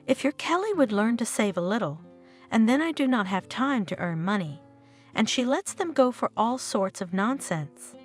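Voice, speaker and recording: A woman's voice: a little high, lively intonation, moderate pace, faint music behind. Woman voicing a resentful, short-tempered husband. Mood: sarcastic. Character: irritable married man, grown son.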